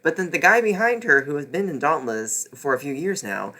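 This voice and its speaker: A man's voice: fairly high pitch, very animated, brisk, sharp tone. Exasperated man ranting about books. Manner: exasperated, sarcastic, swearing. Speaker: book reviewer. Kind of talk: casual ranting book review.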